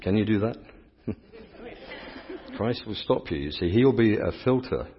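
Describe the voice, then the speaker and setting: This middle-aged Englishman is a priest whose lowish, expressive voice moves at a measured pace as he gives a playful sermon. He teases his volunteers and chats with the congregation while a crowd is heard behind him, and the church recording is dull, lo-fi, and heavily reverberant.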